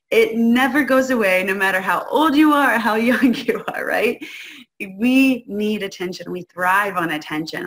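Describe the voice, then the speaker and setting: A woman guest-hosting a parenting talk, speaking conversationally and often checking in with the listener. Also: a little high. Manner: conversational, keeps checking in with "right?"; acts out quoted parents and kids in lively voices. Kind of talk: casual teaching talk to an audience.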